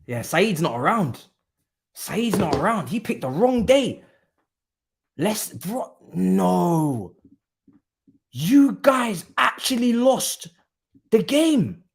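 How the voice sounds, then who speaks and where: Excitable man hosting a watchalong. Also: slow, vocal fry, pauses often. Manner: excitable, swings between low muttering and shouting; British street slang, repeats phrases. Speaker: watchalong host. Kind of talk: live football watchalong reaction.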